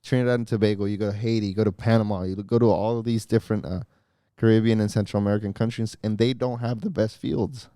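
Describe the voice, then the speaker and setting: A man gives his opinions on soccer in a relaxed, easygoing way, his voice warm and a bit low. Fillers pepper his talk, and the sound is close and dry. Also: fast, clear, resonant tone, no echo. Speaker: podcast co-host. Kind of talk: casual soccer chat.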